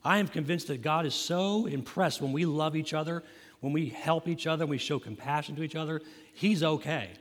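A man's voice: a little high, a little fast. A man preaching a sermon as pastor in a church, talking in a conversational way and putting questions to the congregation. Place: church sanctuary. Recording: long hall reverb.

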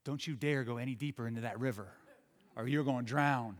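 Man as stern caring mom, firm and quiet, echoing hall. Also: mid-range voice, a little fast, voice pushed down, natural voice.

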